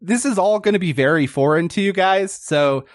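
A man's voice: sits high, normal speed, no room sound, clean studio sound. A young man narrating as a game master in a casual, giggly way with lots of fillers.

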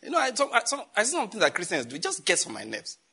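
A man preaching a sermon as pastor, animated and scolding, with jokes and sudden jumps in pitch. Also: racing, creaky, breathy edge.

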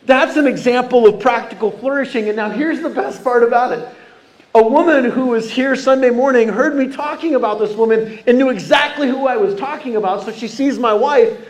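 A man preaches a sermon with a notably high voice. He keeps the congregation involved, calling out questions and asking for responses as he speaks from a church. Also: fairly quick. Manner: animated, engaging the congregation with questions. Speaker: pastor. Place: church sanctuary.

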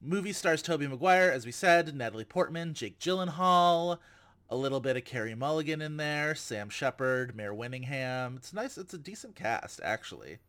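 A man's voice: on the high side, expressive, normal speed, a bit bright. A man hosting a podcast in casual chat, with a wry, joking delivery. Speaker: podcast host.

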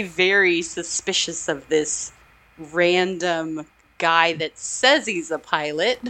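A woman's voice: fairly low pitch, pushed and bright. A woman co-hosting a podcast, chatting casually about an old film, laughing often as she retells scenes. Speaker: podcast co-host.

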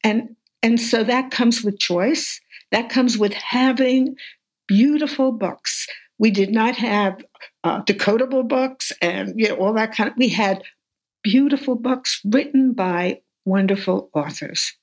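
Older female educator, animated and enthusiastic, storytelling interviewee. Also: on the high side, measured pace. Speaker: veteran reading teacher, guest. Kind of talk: conversational interview.

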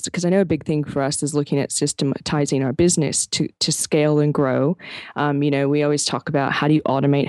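A woman co-hosting a podcast, telling a story in a chatty, animated way with plenty of fillers. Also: low-pitched, no echo. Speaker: podcast co-host. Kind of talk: casual chat.

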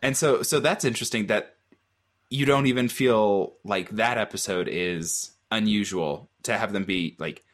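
A man with a low voice joins a casual podcast discussion. He makes his points in a measured way, slowing down as he weighs them. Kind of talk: casual chat.

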